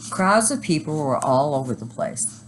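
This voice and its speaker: A woman teacher reading a children's chapter book aloud, animated and expressive. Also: sits low, moderate pace, a little hiss or hum.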